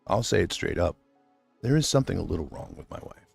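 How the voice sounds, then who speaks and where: This middle-aged livestream host has a deep, creaky, slightly rough voice with lively intonation and a quick pace, recorded with no room sound over soft background music. Nearly crying, he delivers an unscripted, rambling, heartfelt monologue addressed straight to his absent wife.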